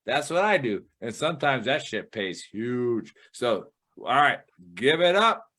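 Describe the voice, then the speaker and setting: A man's voice: medium pitch, very animated, measured pace, sharp tone. Rambling man hosting a betting show. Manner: rambling, swears casually. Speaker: show host. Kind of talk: casual podcast chat.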